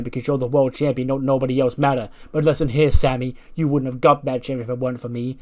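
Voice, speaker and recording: A hot-headed male wrestler confronts his partner in a loud, ranting rush, played by a man. Every line pushes forward with aggression. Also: mid-range voice, natural voice.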